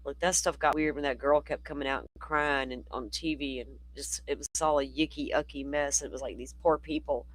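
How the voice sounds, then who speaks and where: A man's voice: on the high side, steady tone, a little fast, few pauses, fairly bright tone, dry recording, poor audio. A man hosting a livestream, chatty and rambling, his voice worn from talking all day. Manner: chatty, rambling, talks to chat. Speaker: livestream host. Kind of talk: casual live commentary.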